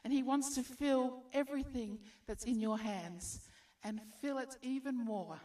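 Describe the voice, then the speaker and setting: A woman's voice: sits high, a little slow, dark tone, recorded from a distance. A woman preaching a sermon, encouraging her listeners with rhetorical questions.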